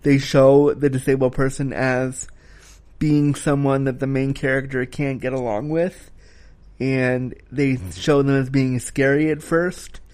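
A man's voice: medium pitch, a little mellow. A man giving a casual spoken film review, talking frankly and critically, with the occasional swear word.

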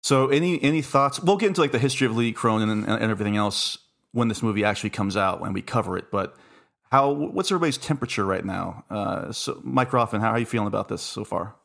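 A man's voice: on the low side, fast talker, vocal fry, fairly bright tone. A man hosting a podcast in casual chat, chatty and jokey, often breaking off mid-thought. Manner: chatty, jokey, self-interrupting. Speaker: podcast host.

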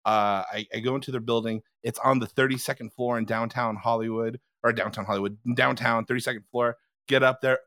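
A man's voice: medium pitch, fairly quick, no echo, studio quality. A man telling a story in a casual podcast chat, acting out the people in it, with many restarts and fillers. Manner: animated, acts out the other people in his story; frequent restarts and filler words.

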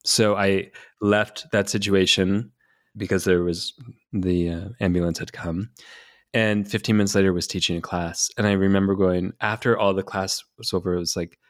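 A man hosting a podcast conversation, speaking in a reflective, calm way. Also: sits low, moderate pace, dry recording, studio quality.

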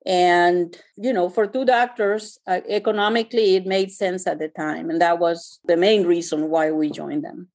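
A woman physician answering interview questions in a conversational way, pausing often and searching for words. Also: lowish voice, fairly even intonation, darkish tone. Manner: hesitant, searching for words with many fillers. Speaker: physician guest.

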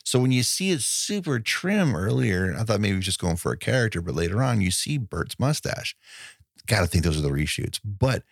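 A man with a low, gravelly voice talks loosely about old films, often laughing and circling back on his points. The sound is dry and close, with no room around it. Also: sing-song, fairly quick, no echo. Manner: rambling, laughs often, restarts sentences. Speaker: podcast co-host. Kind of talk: casual movie podcast chat.

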